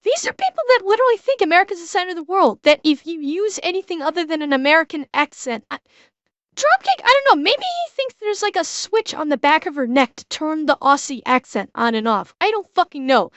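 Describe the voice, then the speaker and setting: A woman's voice: very high voice, sing-song, fairly quick, fairly bright tone, no echo. A woman streamer reacting to a video, ranting bluntly with heavy swearing.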